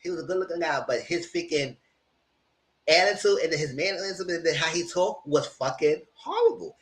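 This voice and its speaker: A man giving casual, gossipy reality TV commentary, animated and freely profane. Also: on the high side, normal speed.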